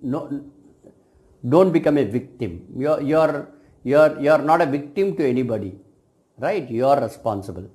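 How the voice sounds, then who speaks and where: A man, a cosmetic science lecturer giving a reflective video talk to his students, speaking in measured phrases that often end with "right?". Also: medium pitch, animated, a little mellow.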